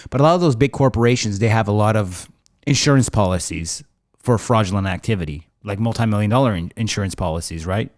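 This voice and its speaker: Quick and a little mellow, this lowish-voiced podcast host in his thirties rambles through casual stories, slangy and saying "bro" a lot. It's studio quality with no room sound at all.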